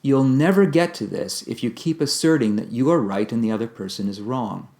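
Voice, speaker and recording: A man giving a calm, measured instructional talk on communication, explaining ideas step by step. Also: medium pitch. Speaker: communication teacher.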